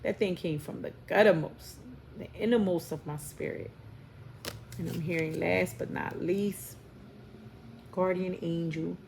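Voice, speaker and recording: A woman's voice: lowish voice, steady tone, a little slow, creaky, long pauses, a little mellow. A woman with a New York accent giving a heartfelt spiritual tarot reading to her viewers. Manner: heartfelt, preachy, addresses viewers as y'all and baby. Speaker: tarot reader. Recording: noisy home recording.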